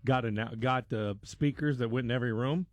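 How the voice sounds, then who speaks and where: A man's voice: medium pitch, a little fast, no room sound. A man hosting a radio show, chatting and teasing his co-host in casual on-air banter.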